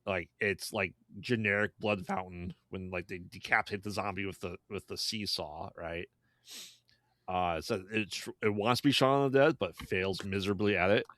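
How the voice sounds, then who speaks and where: A man's voice: sits low, fairly even intonation, moderate pace, fairly bright tone, no room sound. A man co-hosting a podcast, chatting casually about a movie, laid-back and laughing often. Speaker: podcast co-host. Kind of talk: casual movie review chat.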